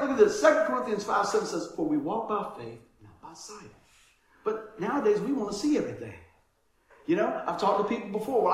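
A man preaching a conversational sermon, acting out dialogue from his stories and laughing often. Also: high voice. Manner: animated storytelling, acts out dialogue, laughs often. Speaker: pastor. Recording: very echoey room.

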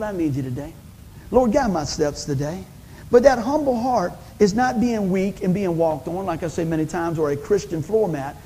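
A man's voice: high voice, mellow, husky, big-room sound, poor audio. A man preaching a sermon in a folksy storytelling way, acting out everyday conversations with big swings in his voice. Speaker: pastor.

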